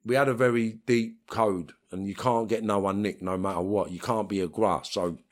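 A middle-aged man from England with a London accent speaks at a fairly low pitch, with fairly even intonation and a moderate pace. As an interview guest he tells blunt, streetwise stories, swearing freely and acting out quoted voices.

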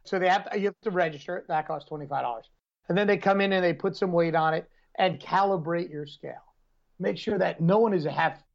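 Man, podcast co-host, rambling storyteller, gravelly, dull lo-fi audio. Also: high voice, brisk. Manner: rambling storyteller, laughs often. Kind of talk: casual chat.

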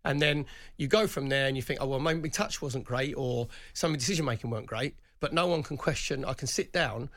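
A man's voice: mid-range voice, brisk, few pauses, fairly bright tone, no echo, studio quality. A middle-aged man, co-hosting a casual football chat and making his points emphatically, repeating himself. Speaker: radio co-host, former footballer. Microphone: studio microphone.

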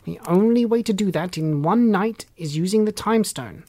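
A storyteller voicing a kindly old male elf elder who leads the elves, speaking slowly and patiently in a storybook read-aloud. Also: medium pitch, lively intonation, dark tone. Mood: welcoming. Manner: slow, measured, instructive.

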